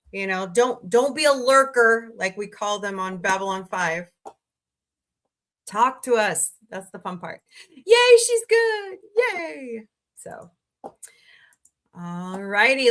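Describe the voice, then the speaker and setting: Tired woman streamer chatting w viewers, brightish higher voice, rattles off lists. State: tired, low energy. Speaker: livestream host. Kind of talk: casual livestream chat.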